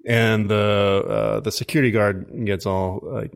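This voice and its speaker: A man with a lowish voice talks through a movie plot in casual podcast chat. He wanders and backtracks, filling gaps with ums as he goes. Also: lively intonation, unhurried, gravelly. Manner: meandering, many ums and restarts. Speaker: podcast co-host.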